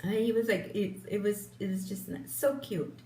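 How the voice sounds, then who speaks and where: A woman's voice: medium pitch, steady tone, normal speed, mellow. An older woman chatting casually while doing her makeup, rambling, with lots of fillers, restarts and laughs. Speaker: beauty vlogger. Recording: roomy, distant mic, faint hum.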